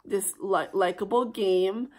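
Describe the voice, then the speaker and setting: A young woman vlogger telling a heated personal story, swearing often and swinging between loud outbursts and hushed asides. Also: mid-range voice, slow. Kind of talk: storytime vlog.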